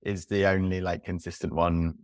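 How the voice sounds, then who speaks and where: A man's voice: sits low, flat delivery, moderate pace, dry recording, clean studio sound. A man co-hosting a casual film podcast, rambling with many restarts and fillers. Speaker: podcast co-host.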